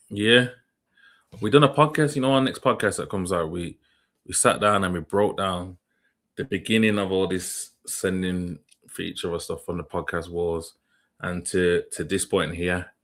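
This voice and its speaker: Brief: young streamer, very low voice, slangy and rambling, quizzes his chat. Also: fairly bright tone. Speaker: livestream host. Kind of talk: casual reaction livestream chat.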